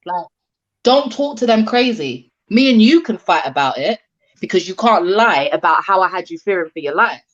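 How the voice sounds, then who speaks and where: A woman's voice: fairly low pitch, expressive, brisk, lo-fi sound. A woman speaking as a panelist and advocate, frank and emphatic, with street slang. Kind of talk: casual panel discussion.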